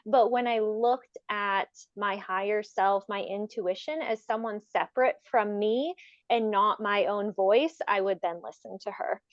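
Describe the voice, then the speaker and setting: A woman's voice: medium pitch, fairly even intonation, measured pace, no room sound. Woman co-host, reflective explainer, dry, slightly muffled audio. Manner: reflective, explanatory, trails off with fillers. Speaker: podcast co-host. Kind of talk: casual spiritual chat.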